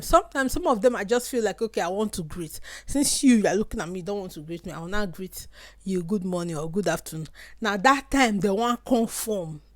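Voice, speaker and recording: Animated Nigerian woman telling a story. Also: fairly high pitch, dry recording, clean studio sound. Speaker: vlogger. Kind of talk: casual monologue to camera.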